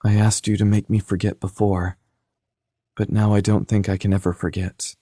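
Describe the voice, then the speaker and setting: Man reading shaken young woman, earnest, soft-spoken, dark low tone, audiobook. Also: level tone, normal speed, no echo, studio quality, natural voice. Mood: shaken, tender. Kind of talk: audiobook character voice.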